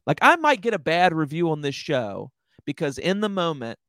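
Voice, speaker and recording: A man's voice: on the high side, big pitch swings, normal speed, sharp tone, dry recording, studio quality. A young man, a stand-up comedian, telling a long, rambling story with lots of swearing in a casual podcast chat.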